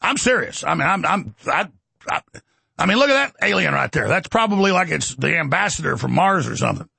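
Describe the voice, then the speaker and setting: Gravelly, high-voiced ranting male host. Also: no room sound. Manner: rapid, ranting, animated, with mocking impressions. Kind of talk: political commentary rant.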